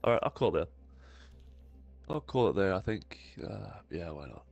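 A man's voice: low voice, very animated, moderate pace, gravelly, a little mellow, dull audio, soft background music. A man streaming a shooter game, chatting to himself and his viewers in a casual, running commentary. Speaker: gaming streamer. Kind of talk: live gameplay commentary.

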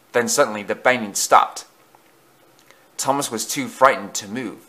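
A man reading a children's story aloud as a narrator, in a hushed, suspenseful way. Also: on the low side, normal speed.

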